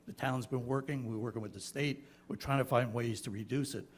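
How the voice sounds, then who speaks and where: A man's voice: mid-range voice, fairly even intonation, fairly quick, slight background noise. A man, a town official, explaining a project at a public meeting in a reassuring, explanatory way. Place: town board meeting room.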